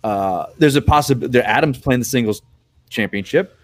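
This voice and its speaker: A man's voice: mid-range voice, fairly quick, no echo. A man chatting casually as a guest on a late-night podcast, swearing freely and acting out other people's lines. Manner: animated, swearing, acts out others' lines in raised voice.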